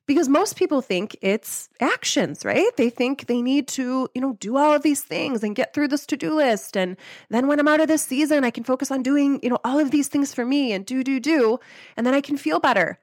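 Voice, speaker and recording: A woman's voice: high-pitched, expressive, normal speed, dry recording, clean studio sound. A young woman host giving a casual motivational talk, upbeat and chatty, with lots of "like" and easy laughs. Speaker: podcast host and life coach.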